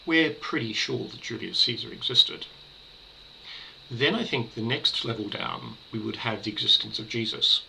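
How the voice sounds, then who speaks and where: A man giving a casual spoken book review, measured and hesitant, pausing on fillers and restarting his sentences. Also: mid-range voice, gravelly, sharp tone, slight background noise, low-quality recording.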